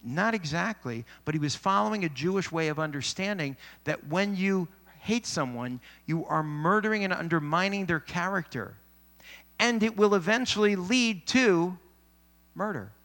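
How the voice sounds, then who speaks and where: Earnest, fairly high-voiced male preacher. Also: animated, a bit bright. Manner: earnest, measured, with emphatic pauses. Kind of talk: sermon.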